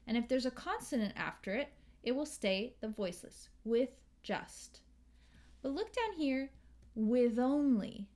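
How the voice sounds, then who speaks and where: An American woman teaching English pronunciation, slowly and carefully modeling sounds and words. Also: a little high, a little mellow. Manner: slow, careful, models sounds and sings lines. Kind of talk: pronunciation lesson with sung examples.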